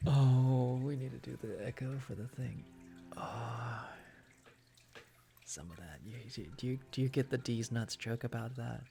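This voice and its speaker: A tired livestream host rambling in soft-spoken, casual ASMR stream chat. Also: medium pitch, a little slow, gravelly.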